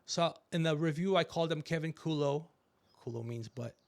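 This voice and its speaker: A middle-aged man hosts a casual comedic podcast chat. His voice is a touch high for a man, with a gravelly fry running through it. He tells his stories with animation, switching into other people's voices as he quotes them. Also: fairly quick. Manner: animated storytelling, acting out quotes. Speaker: podcast host.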